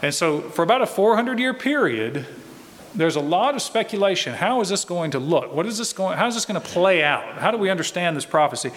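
A pastor preaching a verse-by-verse sermon, teaching in a conversational way and asking rhetorical questions. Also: male voice, sits high, sing-song, fairly quick, a bit bright, long reverb tail. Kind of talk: expository sermon.

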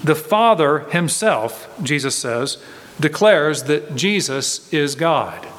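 A man's voice: on the high side, lively intonation, slow pace, fairly bright tone, slight background noise. A man preaching an expository sermon in a church, earnest and emphatic, hammering home his key points by repeating them. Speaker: pastor. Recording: long hall reverb.

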